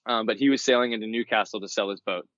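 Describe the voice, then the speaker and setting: A man from Florida, a podcast guest, telling travel stories in a lively way and acting out the people he quotes. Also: quick pace, no echo. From Florida, USA. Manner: animated storyteller, acts out quoted people in a higher voice. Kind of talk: storytelling interview. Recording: dull, dry podcast mic.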